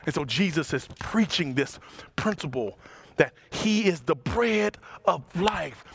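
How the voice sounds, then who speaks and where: A man preaching a sermon as pastor, animated, with big swings in pitch and loudness as he acts out the passages. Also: creaky, a little hiss or hum.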